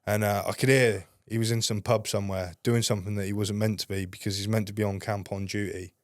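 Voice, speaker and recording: A man's voice: lowish voice, fairly even intonation, fast talker, no room sound, clean studio sound. A young man, a podcast guest, telling rambling anecdotes in casual talk and swearing heavily. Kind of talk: casual storytelling.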